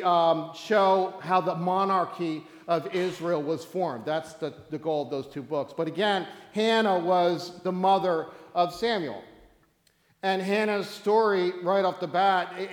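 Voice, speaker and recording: Guy pastor giving a sermon, casual and chatty, high voice, echoey church room. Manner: casual, joking asides with many okays. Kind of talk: sermon with scripture reading. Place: church sanctuary. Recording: echoey hall.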